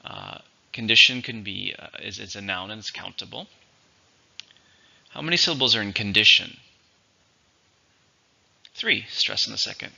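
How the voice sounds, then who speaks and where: A man teaching English vocabulary, going through each word methodically and repeating it slowly for its syllables and stress. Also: on the low side, creaky, pushed and bright, slightly rough, muffled recording. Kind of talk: vocabulary lesson.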